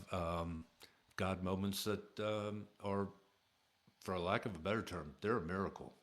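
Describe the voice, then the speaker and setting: A middle-aged man telling a personal story in a casual, halting way, with many fillers and restarts. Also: low-pitched.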